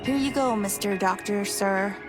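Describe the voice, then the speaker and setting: A woman's voice: medium pitch, normal speed, natural voice. A woman voicing Amber, an anxious, squeamish young girl who mutters to herself in a game. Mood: uneasy, squeamish. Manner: muttering to herself while searching. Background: game music.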